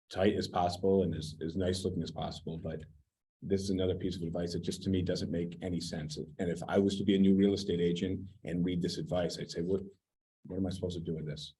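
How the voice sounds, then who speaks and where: Blunt, low-voiced man giving casual training. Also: warm tone, low-quality recording. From United States. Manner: blunt, swears casually, critiques advice. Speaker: real estate trainer.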